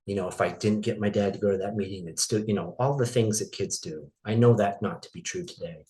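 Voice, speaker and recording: Telling a painful personal story on an interview, a middle-aged man from Maine speaks in a lowish, slightly mellow voice. He's halting and emotional, frequently starting over.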